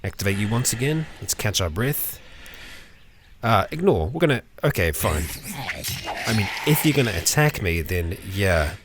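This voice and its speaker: A man's voice: lowish voice, sing-song, normal speed, noisy background. A young man hosting a let's play, chatting casually through the game and talking to the characters on screen. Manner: chatty, talks to game characters, bursts into mock fury and laughter.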